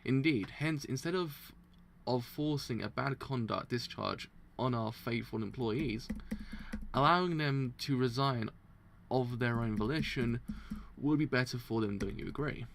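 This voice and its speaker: Man, gravelly voice, mid-pitched, live reaction read-through, stumbles over words, excitable. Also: unhurried, slight background noise. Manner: stumbles and restarts over words while reading aloud; excitable, laughs often. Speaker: manga reaction host. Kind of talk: casual live reaction, reading aloud.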